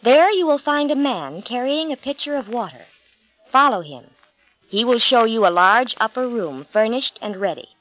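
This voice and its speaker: A woman reading a calm, solemn male teacher. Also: a little high, normal speed, low-quality recording.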